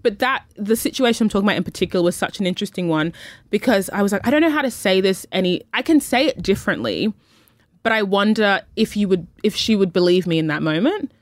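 A woman's voice: medium pitch, expressive, fast, no echo. A woman co-hosting a podcast in casual chat. She thinks aloud in long, reflective runs and acts out the lines she quotes. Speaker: podcast co-host.

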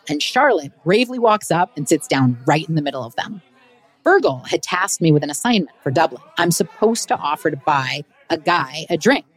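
Lively low-voiced woman storyteller. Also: no room sound. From United States. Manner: expressive, wry storytelling. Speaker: podcast host and comedian. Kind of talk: scripted travel story narration.

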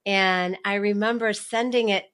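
A woman hosting a podcast responds to her guest with effusive admiration. Her voice sits at a middle pitch for a woman. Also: fairly even intonation, measured pace, fairly bright tone. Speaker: podcast host. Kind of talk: interview chat.

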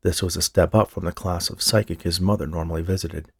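Gravelly, husky male audiobook narrator. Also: low voice, fairly even intonation, brisk, no echo, studio quality. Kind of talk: scripted narration.

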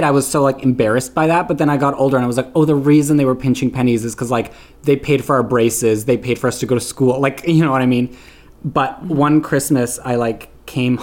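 A man's voice: mid-range voice, darkish tone. A man from Canada guesting on a podcast, talking bluntly and animatedly, swearing freely and slipping into voices. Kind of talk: casual chat.

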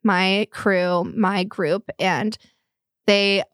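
A woman's voice: medium pitch, fairly even intonation, drawn-out words, a bit bright, clear, resonant tone, dry recording, clean studio sound. A young woman telling a painful personal story in a podcast talk, tearful and rambling with many fillers. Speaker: guest.

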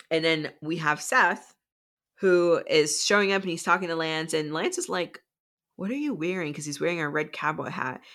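A woman's voice: low-pitched, a bit bright. A woman co-hosting a podcast, casually recapping a book plot in a rambling way full of "like" and "um". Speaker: podcast co-host.

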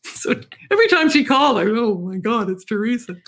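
Her voice pitched on the high side, very animated, brisk and a bit bright, an older Canadian author speaks as an interview guest. She offers candid, reflective stories and laughs along the way.

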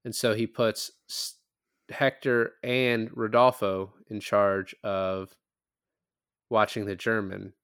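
Low smooth-voiced man, dry sarcastic wit. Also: flat delivery, slow pace, a bit bright, no echo. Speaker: podcast co-host. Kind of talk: casual film review chat.

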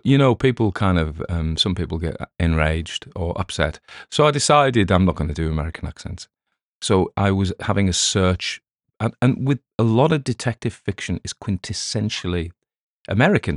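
A man's voice: deep voice, no echo, clean studio sound. An Englishman hosting a podcast, chatting casually in a rambling way, with many restarts and asides. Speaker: podcast host. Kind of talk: casual spoken afterword.

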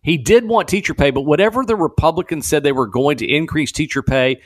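A man guest-hosting a talk radio show, talking in an animated, incredulous way with laughing asides. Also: on the high side, a little fast. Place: radio studio.

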